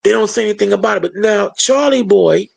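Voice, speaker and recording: A political commentator delivers an opinion monologue in a heavily gravelly voice. He talks emphatically and colloquially, with a sarcastic edge. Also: mid-range voice, a little fast, darkish tone.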